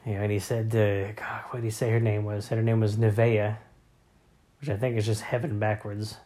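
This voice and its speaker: A father in his thirties talks casually about home life, wandering from thought to thought with plenty of fillers. His voice sits low and stays fairly level in pitch. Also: little pitch movement, a little fast, mellow. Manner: rambling, many fillers and restarts. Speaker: father of young boys. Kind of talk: casual family vlog talk.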